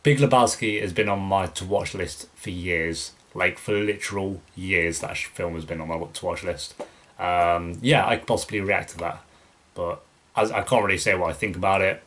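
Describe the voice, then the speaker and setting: A young man with a deep, low voice hosts a relaxed Q&A. He rambles through viewer questions, loose and chatty, restarting his sentences and filling gaps with "um" and "like". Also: normal speed. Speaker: YouTube reaction channel host. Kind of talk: casual Q&A, reading viewer questions.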